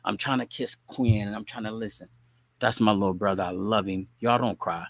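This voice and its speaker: A man with a lowish voice spins a family story for his listeners in loose, slangy talk. He keeps checking in with the audience as he goes. The sound is dry and close. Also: fairly quick, creaky, no echo. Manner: animated, slangy, keeps asking "you dig what I'm saying?". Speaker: host. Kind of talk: casual storytelling monologue.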